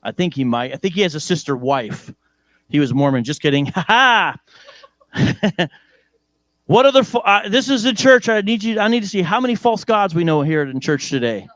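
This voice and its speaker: Joking, lively male preacher. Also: high-pitched, normal speed, no echo. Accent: American. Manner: lively, joking, asks the congregation questions. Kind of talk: sermon. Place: church.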